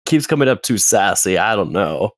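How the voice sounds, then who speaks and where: A podcast guest in casual chat, hesitant and quick to laugh. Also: sits low, expressive, dry recording, studio quality.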